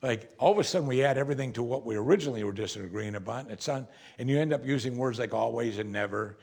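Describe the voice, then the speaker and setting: A man preaching a sermon as a pastor, earnest, often dropping to a soft voice for quoted words. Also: medium pitch, expressive, quick pace, gravelly, slightly rough.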